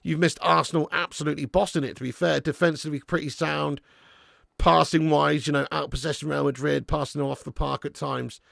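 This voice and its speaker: Gravelly excitable football watch-along man. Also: fairly high pitch, brisk, no room sound, studio quality. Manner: excitable, jumps up at big moments; casual banter with viewers. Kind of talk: live match commentary reading chat.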